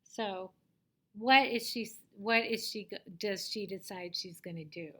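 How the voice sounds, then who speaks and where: A woman teacher giving a reading lesson to young children, patiently asking them questions and sometimes dropping to a soft whisper. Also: mid-range voice, slow.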